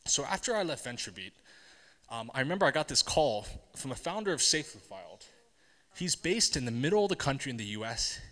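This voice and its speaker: A man's voice: medium pitch, big pitch swings, brisk, a bit bright. A man giving a storytelling talk at a tech event, speaking conversationally, asking the audience questions and often checking in with "right?". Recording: long hall reverb.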